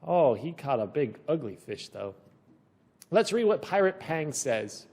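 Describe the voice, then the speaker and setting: A man's voice: fairly high pitch, very animated, measured pace, darkish tone. A male teacher leading a children's reading lesson, reading a storybook aloud and asking encouraging questions.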